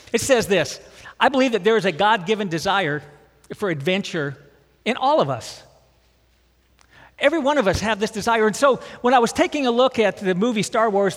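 A man preaching a sermon in a conversational, self-deprecating way with dry jokes. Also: sits high. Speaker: pastor. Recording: long hall reverb.

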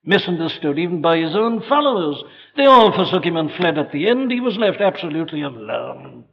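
Guy preaching a sermon, loud then hushed, big hall reverb, dull old tape sound. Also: on the high side, sing-song, fairly quick, gravelly. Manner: dramatic swings from loud exhortation to hushed quotes; old-fashioned scripture quotations.

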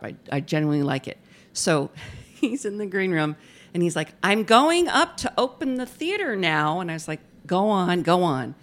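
A woman with a notably low, deep voice. She is a stage manager appearing as a guest on an interview show. She tells lively anecdotes and laughs often as she talks. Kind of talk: casual interview storytelling.

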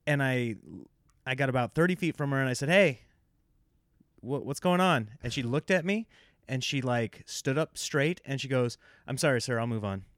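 A man's voice: medium pitch, normal speed, fairly bright tone, no echo, studio quality. A man hosting a casual podcast chat as a comedian, asking curious follow-up questions and telling stories.

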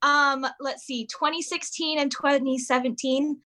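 A woman in her thirties, chatting casually as a podcast guest and telling an animated story. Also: high voice, unhurried. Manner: animated storyteller, acts out voices of her kids. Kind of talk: casual chat.

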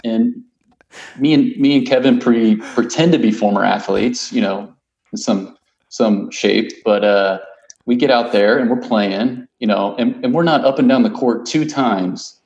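A middle-aged man telling a story in casual chat, halting and full of fillers, with dry humor. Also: mid-range voice, a little mellow, echoey room, highs cut off. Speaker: guest.

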